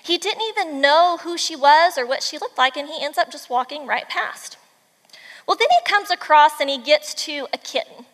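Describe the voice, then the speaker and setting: A mother giving a devotional talk and retelling a children's story, animated and emphatic, with asides to her listeners. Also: high-pitched, normal speed, in a large hall.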